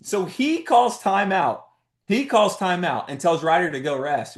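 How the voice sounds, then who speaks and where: A man's voice: fairly high pitch, lively intonation, normal speed. A man giving a motivational talk to a business team, telling a story with urgent rhetorical questions and punchy repeated phrases. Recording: roomy echo.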